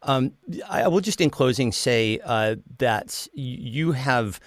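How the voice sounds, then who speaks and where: A man hosting a podcast interview, relaxed and chatty, often repeating words as he goes. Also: medium pitch, a little slow, no echo, clean studio sound. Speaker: podcast host. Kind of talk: casual interview.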